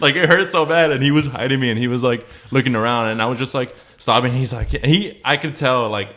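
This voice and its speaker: A man's voice: mid-range voice, fairly even intonation, brisk, fairly bright tone. A young man co-hosting a podcast, telling a long childhood story in a casual, rambling way, full of fillers and laughter. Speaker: podcast co-host. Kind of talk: casual chat.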